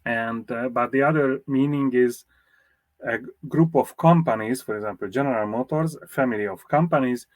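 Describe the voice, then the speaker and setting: Measured man explaining in a dry recording. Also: medium pitch, no room sound. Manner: measured, explanatory, with fillers and restarts. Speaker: motoring historian and magazine publisher. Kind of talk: interview answers.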